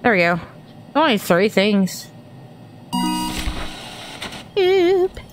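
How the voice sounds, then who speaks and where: A woman's voice: medium pitch, animated, a little slow, background noise. A woman from Texas, chatting through a horror game as she plays, thinking aloud and startling easily. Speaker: gaming streamer. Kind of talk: horror game let's-play commentary.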